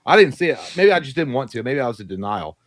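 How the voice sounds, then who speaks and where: A man's voice: medium pitch, fast talker, dry recording. A man co-hosting a live show, telling profane stories in casual chat and acting out quoted lines. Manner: profane, animated storytelling with voiced quotes. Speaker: podcast co-host.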